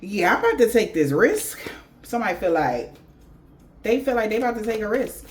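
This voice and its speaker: A woman's voice: medium pitch, big pitch swings, brisk, a little hiss or hum. A woman giving a spiritual reading in blunt, profane slang. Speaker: tarot reader.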